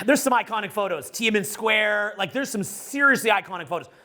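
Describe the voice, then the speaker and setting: Loud and excitable, a middle-aged man rambles casually and profanely to a live audience in his role as a social skills coach. His voice is high-pitched and runs a little fast.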